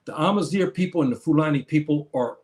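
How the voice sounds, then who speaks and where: A man's voice: a little high, fast, darkish tone. A man hosting his own show, talking casually and earnestly to viewers, with many restarts, calling them brother and sister. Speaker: show host answering viewers. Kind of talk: casual livestream talk.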